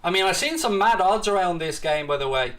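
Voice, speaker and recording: A British-accented man hosts a live football watchalong in a high, fairly quick, slightly bright voice with lively intonation. He blends play-by-play commentary with cheeky banter directed at viewers in the chat.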